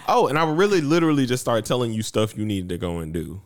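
A man co-hosting a faith podcast in casual chat, animated and acting out quotes. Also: quick pace. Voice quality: animated, acts out quotes in high voices. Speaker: podcast co-host. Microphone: podcast mic on a stand.

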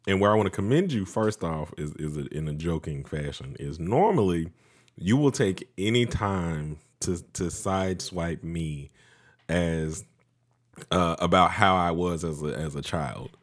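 Deep-voiced man, congested podcast co-host. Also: a little slow. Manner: meandering, self-correcting, playful teasing. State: congested from allergies. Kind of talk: casual podcast chat.

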